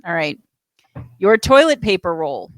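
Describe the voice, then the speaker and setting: A woman's voice: on the low side, unhurried, dry recording. Chatty woman hosting an interview, dry sound. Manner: chatty, expressive, laughs often. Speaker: host. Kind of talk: casual interview chat.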